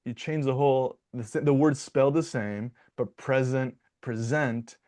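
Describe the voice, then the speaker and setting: A man's voice: medium pitch, normal speed, dark tone. A man from Michigan working as a dialect coach, explaining his ideas in a conversational interview, with frequent restarts and repeated words.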